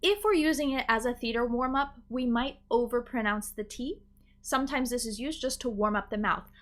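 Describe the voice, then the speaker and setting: A woman with an American accent teaching English pronunciation, drawing out sounds slowly and carefully to demonstrate them. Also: a little high, fairly bright tone. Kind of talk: pronunciation lesson.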